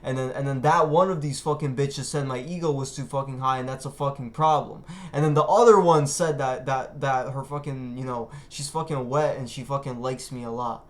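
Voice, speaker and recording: A man's voice: medium pitch, fairly even intonation, brisk, few pauses, reverberant. A man ranting casually as a vlogger, rambling and boastful, swearing constantly. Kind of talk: casual rant to camera.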